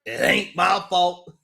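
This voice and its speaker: Male live-stream host, high voice, slow delivery, slangy and mocking, laughs a lot, greets chat viewers by name. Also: gravelly, bright, forceful tone. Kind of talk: casual live-stream commentary.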